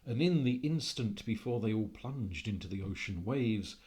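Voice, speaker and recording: Dramatic low-voiced male storyteller. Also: expressive, a little mellow. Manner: dramatic, swings between slow and hurried. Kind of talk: live folk-tale storytelling. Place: convention room.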